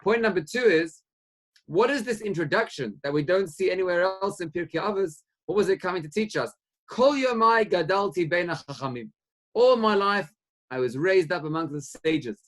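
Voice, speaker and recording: Male rabbi, Torah lecture; fairly high-pitched, animated questioning delivery with Hebrew terms. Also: normal speed. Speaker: rabbi teaching a class.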